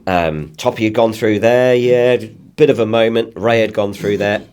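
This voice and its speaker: A man with a fairly low voice hosts a podcast. He tells racing stories in relaxed, chuckling chat, breaking off for quick asides. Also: crowd noise. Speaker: podcast host. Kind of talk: casual chat.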